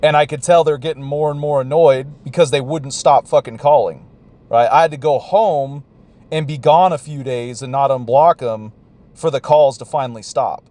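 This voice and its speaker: A man's voice: medium pitch, moderate pace, mellow. A man vlogger telling a story in a profane, rambling rant. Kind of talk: ranting recount.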